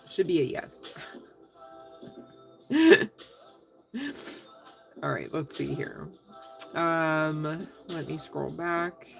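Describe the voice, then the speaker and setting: Low-voiced, giggly woman reading tarot. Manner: chatty, giggly, talks straight to viewers. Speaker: tarot reader answering live chat. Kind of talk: casual live tarot reading.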